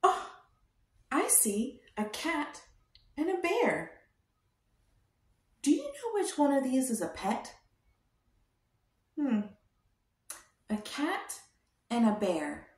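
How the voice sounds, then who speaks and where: A woman leads a toddler lesson in a bright, high voice that rises and falls a great deal as she coaxes the children. She speaks very slowly and asks gentle questions. The room around her gives a noticeable echo. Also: sing-song, distant mic. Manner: slow, sing-song, coaxing questions to a small child. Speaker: children's educator. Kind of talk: toddler lesson with sign language. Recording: roomy echo.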